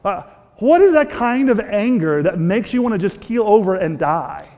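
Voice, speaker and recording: Male pastor, high-pitched, animated preacher who restarts sentences, recorded in a large echoing hall. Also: normal speed. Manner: animated, rhetorical questions, frequent restarts. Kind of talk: sermon. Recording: long reverb of a large hall.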